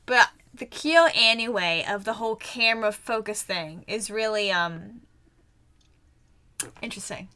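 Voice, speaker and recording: A woman's voice: mid-range voice, measured pace, bright, forceful tone. A young woman chatting casually as she reacts to an anime episode, giggling often and trailing off into fillers. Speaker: anime reaction channel host.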